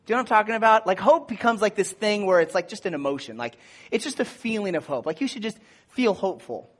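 A man in his thirties giving a casual, chatty sermon as a pastor, animated and full of fillers. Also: quick pace. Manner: chatty and animated, many fillers, acts out voices in a high shout. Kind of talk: casual sermon with personal story.

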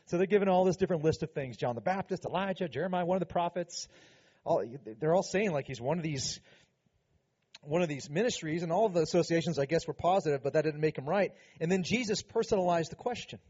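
A man's voice: a little high, fast, darkish tone, slightly rough, muffled recording. A man preaching a sermon as pastor, earnest and emphatic, with frequent conversational asides.

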